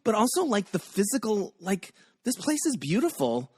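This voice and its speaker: A man's voice: high voice, sing-song, normal speed, darkish tone, breathy edge, dry recording, clean studio sound. A man hosting a podcast in a casual, rambling chat, often laughing as he talks. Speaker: podcast host.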